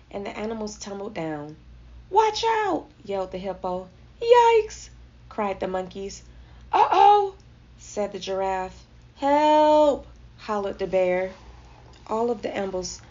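A woman reading a children's storybook aloud with expressive, gentle storytelling. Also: mid-range voice. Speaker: storybook reader. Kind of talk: children's read-aloud narration. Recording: slightly dull lo-fi audio with faint noise.

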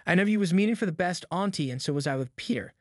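Cheeky little boy voice done by a man, sly and innocent-sounding, fairly high, dry close audiobook sound. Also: animated, fast talker, dry recording. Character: mischievous sly young boy.

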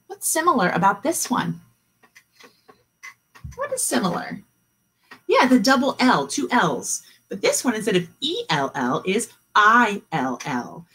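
A woman teaching an online kindergarten class, modeling letter sounds slowly and cheering the children on. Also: fairly low pitch, fairly bright tone, slightly rough. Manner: slow, encouraging, drawn-out sound modeling. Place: home, video meeting.

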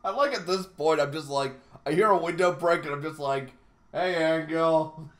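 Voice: mid-range voice, brisk, a bit bright. A let's-play host giving gameplay commentary in a playful, self-mocking, rambling way. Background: game music.

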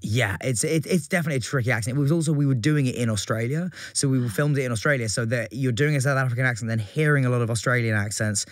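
A man's voice: medium pitch, quick pace, few pauses, no echo, studio quality. An English man, an actor, chatting in an interview with frequent laughs and restarts. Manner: rambling, self-interrupting, laughs often. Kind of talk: casual interview chat.

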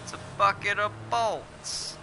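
A man commentating his video game play, excitable and swearing, shouting at what happens on screen. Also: high voice, takes it slowly, creaky, background noise. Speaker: streamer. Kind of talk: gameplay commentary. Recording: game sounds over the voice.

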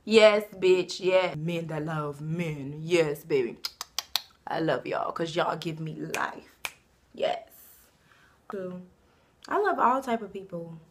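A young woman in her twenties from Savannah, Georgia, talking brashly and profanely about herself to camera, breaking into loud bursts. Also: fairly low pitch, lively intonation, slow pace, long pauses, a little hiss or hum. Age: 20s. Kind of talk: casual self-introduction to camera.

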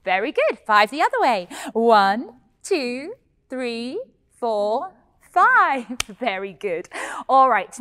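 A bubbly young fairy-tale heroine, played by a woman, leads children through a pantomime vocal warm-up. Her high voice swoops up and down with lively, giggly, sing-song energy. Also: a little hiss or hum. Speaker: pantomime performer teaching children. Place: indoor hall.

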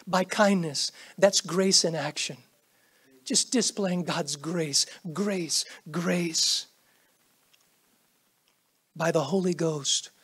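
A middle-aged man preaches in a church with a fairly high, husky voice. He swings from loud, pressing bursts to near-whispered asides and acts out the prayers and greetings he quotes. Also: unhurried. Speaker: pastor. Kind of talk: sermon. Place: church sanctuary.

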